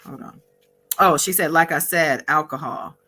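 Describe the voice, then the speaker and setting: A woman hosting a casual recap, reading out exchanges from her notes with frequent fillers and pauses. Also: low-pitched, pushed and bright, husky. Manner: reads out courtroom exchanges from notes, pausing with fillers. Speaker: host recapping a court trial.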